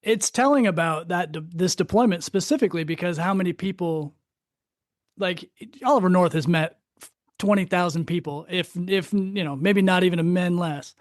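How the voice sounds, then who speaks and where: Man, podcast host, casual chat, higher voice, dry close sound. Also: normal speed, dry recording.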